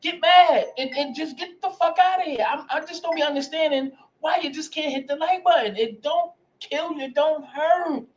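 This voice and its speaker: A man chatting loosely on his livestream with a rather high voice. He rambles, swears and circles back over the same words. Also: normal speed, hardly any pauses, highs cut off. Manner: rambling, profane, repeats himself. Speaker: livestream host. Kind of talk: casual livestream chat.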